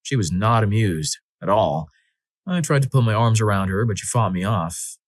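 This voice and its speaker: A man reading listener stories aloud as the narrator of a compilation, in an expressive, dramatic style that acts out the quotes. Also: fairly low pitch, moderate pace, dry recording. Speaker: story narrator. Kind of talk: scripted narration of reader stories.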